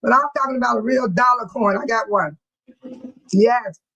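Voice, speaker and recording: High-voiced woman laughing through a livestream. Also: moderate pace, slightly rough, dull audio. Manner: laughs often, lively and warm with chat; sweating and fanning herself after dancing. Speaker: livestream host. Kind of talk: casual livestream chat reading comments.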